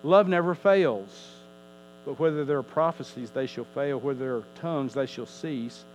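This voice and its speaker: A man's voice: mid-range voice, normal speed, slight background noise, rough recording. A male pastor preaching a sermon, emphatic, his voice rising and falling, often repeating words as he teaches.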